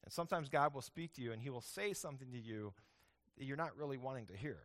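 A man's voice: mid-range voice, fast, a bit bright. A man preaching a sermon as the pastor, talking in a conversational way and often checking in with "right?".

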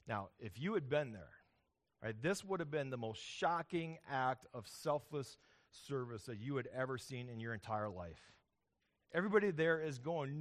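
A man preaching a sermon, conversational and animated, often checking in with 'right?'. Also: mid-range voice, moderate pace. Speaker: pastor.

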